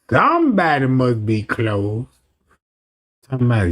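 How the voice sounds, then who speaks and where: A man livestreaming, telling a profane, rambling story to his chat, dropping to low mutters and then shouting. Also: expressive, normal speed. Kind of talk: casual storytelling to a live chat.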